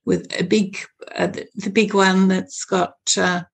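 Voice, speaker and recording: A woman guest on a podcast, telling her story in a hesitant way with many pauses and fillers. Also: medium pitch, flat delivery, creaky, slightly rough. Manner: hesitant, searching for words. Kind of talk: interview storytelling.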